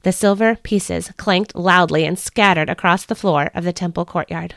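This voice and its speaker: A woman's voice: lowish voice, moderate pace, creaky, fairly bright tone, no echo, clean studio sound. A woman hosting a devotional podcast, reading a story aloud with earnest expression.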